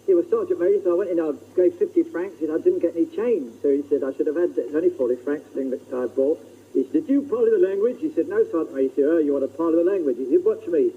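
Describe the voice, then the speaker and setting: A man on a comedy radio panel who throws in quick quips and anecdotes and laughs often. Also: a little high. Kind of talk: radio panel show banter. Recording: tinny old radio broadcast, faint hiss.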